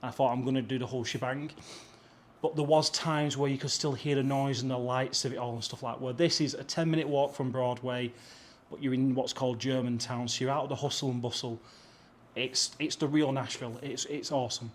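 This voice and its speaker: A man's voice: mid-range voice, steady tone, brisk, slight background noise. A young British man with a British English accent, talking casually to camera as a travel vlogger, effusive and chatty, with a handheld camera. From Britain. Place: rented apartment and balcony, partly outdoors.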